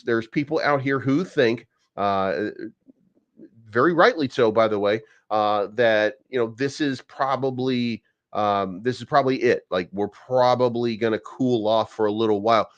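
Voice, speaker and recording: A man hosting a crypto channel, riffing on markets and politics in a loose, profane, restart-heavy way. His pitch sits in the middle for a man. The recording is dull and lo-fi. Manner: rambling, profane, many restarts. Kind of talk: casual market commentary. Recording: dull lo-fi sound.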